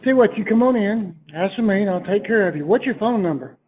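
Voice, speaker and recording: Male trainee, high husky voice, fast eager patter, phone-line sound. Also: animated. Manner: rapid, eager, scripted sales patter. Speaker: sales trainee. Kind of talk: role-play phone practice.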